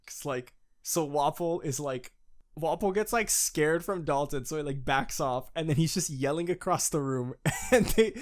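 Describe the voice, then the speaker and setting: A young man co-hosting a casual fan podcast, excitable, laughing often and swearing as he recaps. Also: fairly high pitch, moderate pace. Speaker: podcast co-host.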